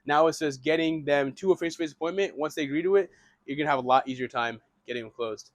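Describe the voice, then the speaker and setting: A man's voice: on the high side, fast, dry recording. A young man teaching real estate wholesaling in a casual, rambling way, with frequent restarts and casual swearing. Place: small room, writing on a board.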